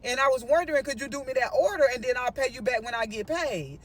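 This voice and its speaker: A woman doing her soft, concerned cousin. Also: high voice, expressive, fast, pitched below the performer's own voice. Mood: pleading. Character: weary gentle adult woman cousin.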